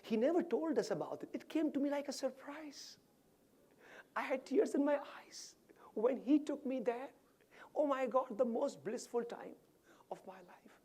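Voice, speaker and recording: A man's voice: on the high side, very animated, fast talker, husky. A man voicing a tearful grieving widow. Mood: wistful. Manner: hushed, tearful, at times whispered. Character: grieving widow in her fifties, tearful, soft-spoken.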